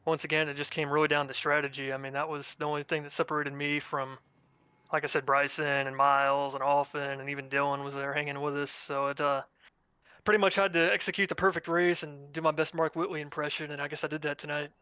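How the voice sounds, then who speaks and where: A man's voice: fairly high pitch, little pitch movement, fast talker, pushed and bright, clean tone, dry recording. A man who just won a sim race, recapping it in a rambling post-race interview full of fillers. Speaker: race winner, sim racing driver.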